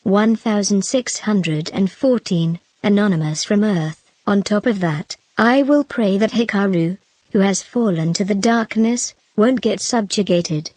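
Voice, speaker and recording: A woman's voice: medium pitch, unhurried, a little mellow, dry recording. A woman narrating a web novel aloud, reading a long run of numbered online comments one after another.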